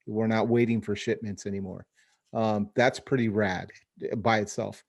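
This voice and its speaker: A man hosting a relaxed podcast conversation, talking in loose, rambling sentences with frequent restarts. He keeps an easy, friendly chat going with his guest. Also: lowish voice, normal speed, creaky. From Phoenix area, US. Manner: rambling, many restarts, says dude and bro. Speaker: podcast host. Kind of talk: casual chat over video call.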